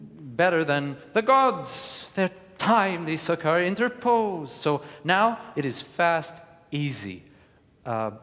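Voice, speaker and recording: A man leads a declamation class, coaching students through lines of verse with lively, hesitant explanations. His voice sits a little high for a man. A long hall reverb trails after his words. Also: slow pace. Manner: animated, coaching, frequent hesitation fillers. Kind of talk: teaching lecture with spoken demonstrations.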